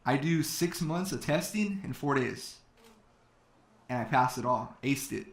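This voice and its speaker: A Californian man tells a personal story to an audience in an echoey hall, using lots of fillers and acting out what others said in his own voice. He speaks at medium pitch, animated but unhurried.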